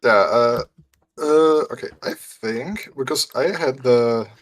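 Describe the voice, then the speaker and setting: A man's voice: mid-range voice, slow. A man losing a tabletop wargame, talking hesitantly and sounding resigned. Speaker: opponent player. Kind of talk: casual game chat.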